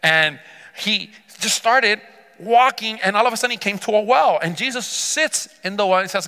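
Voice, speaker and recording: A man preaching a sermon, retelling a Bible story with lively character voices and calling on the congregation to respond. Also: sits high, fairly quick. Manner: engages congregation with call-and-response. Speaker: pastor. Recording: reverberant church hall.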